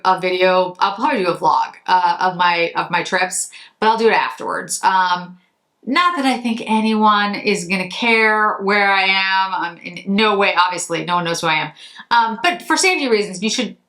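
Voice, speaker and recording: A Massachusetts beauty vlogger talks through products in a low-side, bright, forceful voice. The chat is casual and chatty, drifting a little, and she corrects herself along the way.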